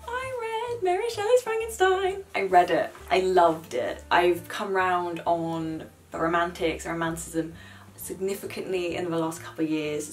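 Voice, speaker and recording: Young woman, lowish voice, chatting to camera about books, bit of music under it. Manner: chatty, animated, swears and mocks in quoted asides. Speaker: book vlogger. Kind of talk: casual chat.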